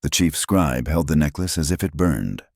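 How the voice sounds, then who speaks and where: A man narrating a dramatic storybook tale in a measured, dramatic way. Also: very deep voice, expressive, creaky, a little mellow, breathy edge, dry recording, studio quality.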